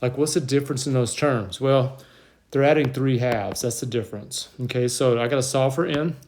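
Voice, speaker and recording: A man's voice: mid-range voice, moderate pace, a little mellow, a little hiss or hum. A man teaching a math lesson over a whiteboard, explaining step by step, audibly out of breath. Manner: plain step-by-step explaining, talks himself through the work. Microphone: tablet mic.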